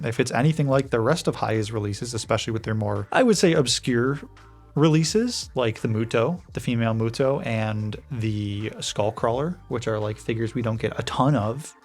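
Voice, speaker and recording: Brief: male toy-review host, gravelly fry, excitable goofy exclaims, faint music under. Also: mid-range voice. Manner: excitable, goofy exclamations, chatty asides to viewers. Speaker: toy collector channel host. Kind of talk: casual reaction commentary.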